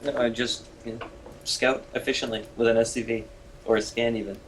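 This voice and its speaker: A man giving color commentary on a video game match in a measured, analytical way, with hesitant fillers. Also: medium pitch, little pitch movement, a little hiss or hum, rough recording.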